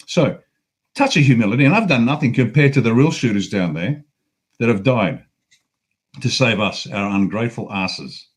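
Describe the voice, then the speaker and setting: A man's voice: mid-range voice, animated, moderate pace. Fired-up Australian man ranting. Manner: angry, profane, emphatic. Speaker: guest. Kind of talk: heated political rant.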